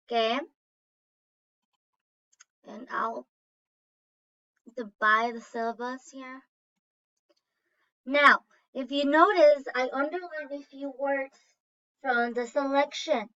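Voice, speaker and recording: A woman's voice: high voice, sharp tone. A woman teacher giving a lesson, reading aloud and carefully sounding out syllables and vowel sounds. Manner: slow, deliberate, sounding out words. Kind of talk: online phonics lesson. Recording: dull lo-fi recording.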